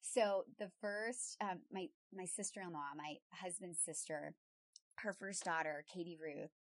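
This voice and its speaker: A woman, a coach, chatting as a guest in an interview, telling lively stories and acting out quoted voices. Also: lowish voice, a little slow, no echo. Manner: animated storyteller, laughing, acts out quotes. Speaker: guest, mindset and lifestyle coach. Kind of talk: casual interview chat.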